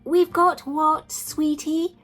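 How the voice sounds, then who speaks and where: A shrill, sing-song dwarf wife with a full red beard and a put-on Scottish accent, acted out by a woman. She squeals her words high above the narrator's voice, loud and slowly drawn-out. Faint music runs behind the storybook recap. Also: level tone. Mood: shrill cheery.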